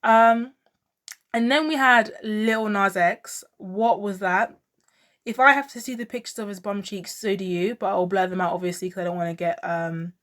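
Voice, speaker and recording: A woman chats casually to camera as a pop culture vlogger, offering fashion commentary that's opinionated and packed with fillers and gushing exclamations. Her voice is mid-range and a bit bright.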